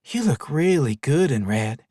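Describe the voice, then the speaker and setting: A man's voice: medium pitch, sing-song, unhurried, warm tone, dry recording, clean studio sound, voice pushed up. A man voicing a shy, naive young woman who speaks earnestly.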